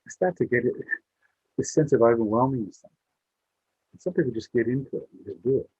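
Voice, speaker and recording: Man, storyteller, earnest, heartfelt, husky voice, tinny phone-like sound. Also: mid-range voice, fast talker, mellow, no room sound. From Western Australia. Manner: earnest, heartfelt, repeats himself. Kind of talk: spoken storytelling to young people.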